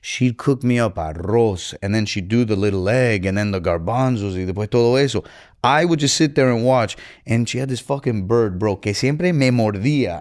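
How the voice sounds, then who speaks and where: A young chef from tells stories, with a mid-range voice. He is animated and swears freely, sliding into Spanish mid-sentence as he talks. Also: mid-range voice, normal speed. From Miami. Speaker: chef guest. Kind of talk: casual storytelling.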